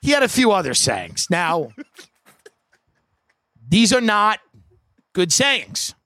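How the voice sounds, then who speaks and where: A man's voice: high voice, very animated, takes it slowly, pushed and bright, no echo. A man doing stand-up, telling a rambling story in a wry, profane way with many asides. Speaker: comedian.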